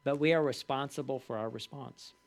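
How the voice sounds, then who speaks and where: With a mid-range voice, a man teaches his Bible study group conversationally. He checks in often using quick tag questions and reads passages of scripture aloud with extra emphasis.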